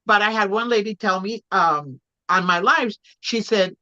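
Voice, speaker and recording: A woman from Puerto Rico chatting casually as a guest, telling stories in an animated way. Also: mid-range voice, normal speed, dull audio. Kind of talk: casual chat.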